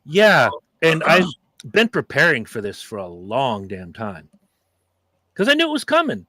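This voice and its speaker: A man's voice: mid-range voice, huge pitch swings, measured pace, pushed and bright, dry recording. A middle-aged man hosting a podcast, chatting casually and telling stories with profanity and acted-out quotes. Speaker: podcast host. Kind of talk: casual chat.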